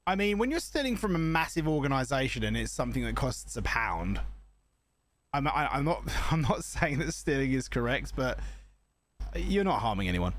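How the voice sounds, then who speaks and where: Lively joking man. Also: fairly high pitch, moderate pace. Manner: joking, rambling, laughs often. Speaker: reaction video host. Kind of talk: casual reaction commentary.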